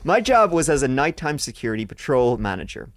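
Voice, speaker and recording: A very animated man talks a little fast in a mid-range voice as he hosts a podcast. He reads listener stories aloud and breaks in with crude jokes, all casual banter, captured in clean studio sound with no room noise.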